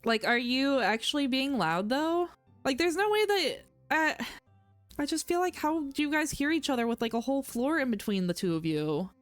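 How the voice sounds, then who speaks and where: A woman's voice: high-pitched, animated, brisk, no room sound, faint music behind. Chatty woman streaming a game. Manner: chatty, rambling, swears casually. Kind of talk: casual game commentary and reading dialogue.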